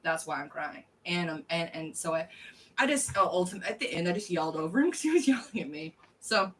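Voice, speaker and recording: A woman's voice: on the low side, lively intonation, fairly quick, far from the mic. A woman casually chatting on a livestream, rambling, blunt and swearing freely. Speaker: livestream host.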